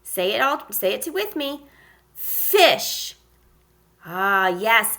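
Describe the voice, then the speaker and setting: Woman, kindergarten phonics teacher, unhurried and encouraging, bright lively voice. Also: on the high side. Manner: slow, encouraging, sounds out letters with exaggerated emphasis. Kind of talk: phonics lesson for young children.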